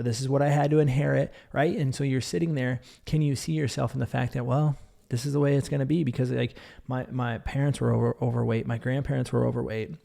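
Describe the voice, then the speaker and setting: A man with a gravelly, dark voice delivers a blunt motivational podcast monologue. He talks like a doctor scolding his listeners, repeating his points for emphasis. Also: mid-range voice.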